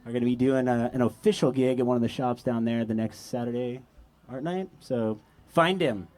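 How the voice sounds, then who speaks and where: A man's voice: medium pitch, moderate pace, a little mellow. A man emceeing at a music festival stage, chatty and rambling, often correcting himself mid-sentence. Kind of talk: stage introduction.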